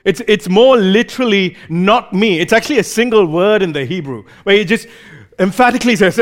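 A man with a notably high-pitched voice delivers a sermon, teaching through a scripture passage. He talks in an easy, explanatory way and slips briefly into the voices of the people he quotes. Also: lively intonation, fairly quick. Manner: explanatory, acts out short quoted lines. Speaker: preacher.

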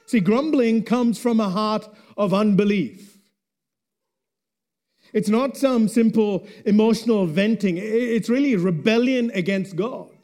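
A man preaching a sermon, slow and deliberate, letting his voice drop low and quiet at the end of phrases. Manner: slow and deliberate, dropping to a hush at phrase ends.

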